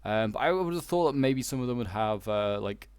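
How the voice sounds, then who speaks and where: A young man with a Yorkshire accent talks through a strategy game in a loose, meandering way, stopping often for "uh" and "like". His voice is smooth and resonant, recorded close and dry with no room sound, at an ordinary middle pitch. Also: animated, brisk, a little mellow, no echo. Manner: rambling, hesitant, many fillers and restarts. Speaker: gaming YouTuber. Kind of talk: casual gameplay commentary.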